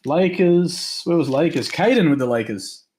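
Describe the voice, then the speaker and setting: A man hosting a live trading card break, rattling off names quickly and upbeat, his voice going hoarse. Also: a little high, expressive, background noise. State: losing his voice.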